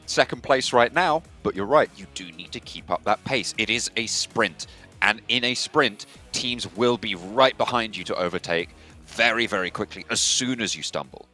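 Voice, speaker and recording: Lower-pitched bright male co-caster. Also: normal speed, soft background music. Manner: lively, casual co-commentary. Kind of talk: esports commentary.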